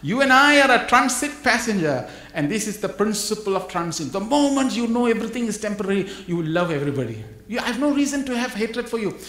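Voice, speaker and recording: High-voiced man giving a spiritual talk. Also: fast, few pauses. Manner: animated, acts out dialogue, chuckles often. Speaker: guest speaker at a spiritual gathering. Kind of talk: spiritual talk with humorous anecdotes. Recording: roomy hall echo.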